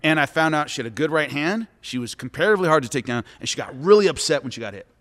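A man's voice: fairly high pitch, rapid-fire. A middle-aged man, a former fighter, chatting on a podcast and telling stories animatedly, acting out the people he quotes. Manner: animated storyteller, acts out quotes. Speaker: former MMA fighter and commentator, guest. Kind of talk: casual podcast chat. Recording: long echoey reverb.

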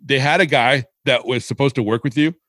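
Middle-aged man from Seattle, podcast co-host, rambling animated storyteller, dry close sound. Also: medium pitch, brisk, no room sound. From Seattle, Washington. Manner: rambling, animated anecdotes with casual swearing. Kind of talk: casual storytelling chat.

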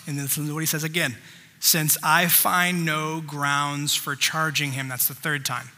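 A man's voice: a little high, steady tone, measured pace, sharp tone, in a large hall. A man preaching a sermon, reading scripture aloud and stopping to stress points with emphatic asides. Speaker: pastor.

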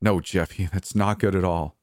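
A man voicing a shaken older brother who speaks haltingly and sternly over the phone. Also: low voice, fairly even intonation, no echo, studio quality, lightly acted.

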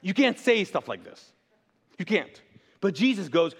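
A male pastor preaching a sermon, animated and jokey, slipping into quick voices to tell the story. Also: high-pitched, husky, big-room sound.

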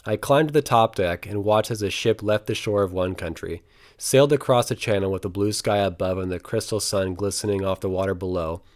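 A man's voice: lowish voice, brisk, a little mellow. A young man reading his own travel memoir aloud in an earnest, reflective storytelling manner. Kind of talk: memoir narration read aloud.

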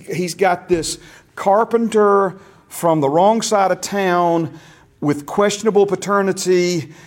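A man teaching a Bible class in a casual way, often repeating words and quizzing his listeners. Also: sits high.

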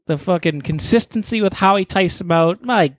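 A man's voice: high voice, moderate pace, no echo. A man improvising a crude, rambling comedy story as host, with heavy profanity.

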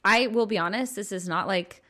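A woman's voice: medium pitch, normal speed, pushed and bright. A young adult woman, a mother, co-hosting a podcast in casual chat, candid and earnest with playful jokes. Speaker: podcast co-host.

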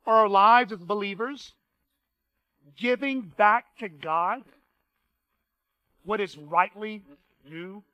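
A man's voice: high voice, takes it slowly, long pauses, clear, resonant tone, no room sound, highs cut off. A man preaching a sermon as pastor, earnest and reading quotations aloud with emphasis.

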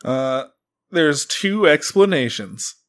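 A man's voice: a little high, lively intonation, slow, fairly bright tone. A man hosting a casual comedy podcast, reading strange entries aloud and often breaking into laughter.

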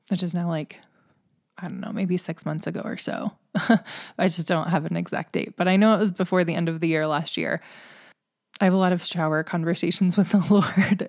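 A woman's voice: fairly low pitch, darkish tone, dry recording, clean studio sound. A woman hosting a faith podcast, speaking earnestly and emotionally in a heartfelt, preaching monologue. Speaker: podcast host.

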